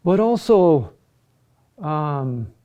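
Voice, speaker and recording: A man teaching a class on chant, slow and halting, often repeating key words and checking in with "huh?". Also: fairly high pitch, big pitch swings, lo-fi sound. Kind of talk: classroom lecture.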